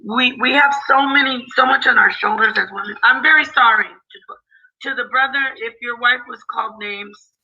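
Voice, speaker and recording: Woman hosting a stream, sorry-sounding and soothing, bright, muffled lo-fi audio. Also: fairly high pitch, normal speed. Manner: apologetic, placating. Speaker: livestream host. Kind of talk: livestream panel chat.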